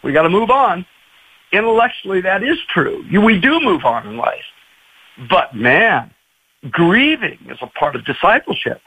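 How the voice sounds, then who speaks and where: Animated husky-voiced man telling stories. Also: sits high, moderate pace, poor audio. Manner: animated, acts out quoted voices. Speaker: pastor and guest. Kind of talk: storytelling on a radio talk show.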